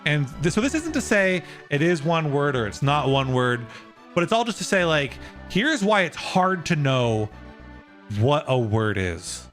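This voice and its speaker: A man's voice: a little high, big pitch swings, measured pace, a bit bright, soft background music. A young man streaming live, casually explaining a topic and answering his viewers' chat.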